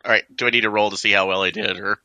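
A man's voice: on the low side, steady tone, rapid-fire, pushed and bright, no echo. A man playing a tabletop game, chatting casually and upbeat, laughing between lines. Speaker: player.

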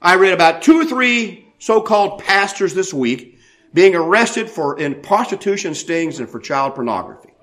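A man preaching a sermon as pastor, animated and full of rhetorical questions. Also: sits high, normal speed.

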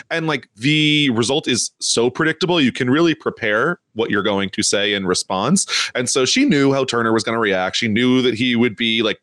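A man co-hosts a casual recap podcast, breaking down the episode in a measured, analytical way. He pauses on fillers now and then, and his voice sounds dry and close with no room echo. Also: mid-range voice, fairly bright tone. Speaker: podcast co-host.

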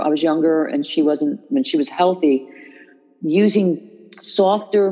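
A woman with a low, mellow voice talks in a loose, conversational way. She restarts sentences and leans on fillers as she builds her point. The audio is dull and lo-fi, like a remote call. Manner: animated, restarts often, many fillers. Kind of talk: casual conversational chat. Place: New York.

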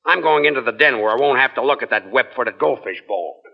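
Dry, put-upon husband, deadpan but lively in pitch, lo-fi hissy old broadcast. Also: male voice, fast talker, creaky. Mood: exasperated. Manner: deadpan, mild comebacks. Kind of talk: 1940s radio comedy acting. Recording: dull old radio broadcast with hiss.

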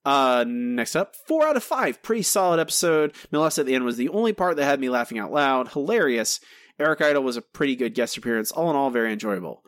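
A man hosting a podcast, reading listener answers aloud in a relaxed, chatty way with some self-corrections. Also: mid-range voice, fast talker, no room sound, clean studio sound. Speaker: podcast host.

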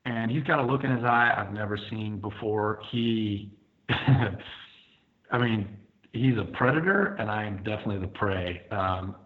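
A firefighter guest recounts his own story vividly and step by step, using lots of fillers. His voice is fairly low and his speed normal, heard over a tinny, phone-like line.

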